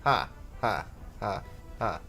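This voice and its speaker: A man's voice: on the low side, lively intonation, slow pace, vocal fry, pushed and bright, faint music behind. A man streaming a game and chatting on voice chat, joking crudely and sarcastically. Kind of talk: casual gaming stream chat.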